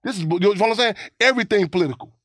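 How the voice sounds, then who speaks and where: A man's voice: high voice, racing, a bit bright, no room sound, studio quality. A man from Chicago, a guest in a casual interview, telling stories in a rambling, profane way and often repeating his words.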